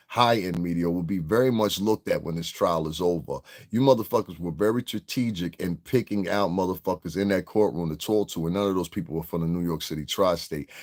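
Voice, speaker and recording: Low-voiced profane streetwise streamer. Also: male voice, a little mellow. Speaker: livestream commentator. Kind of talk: casual live-stream commentary.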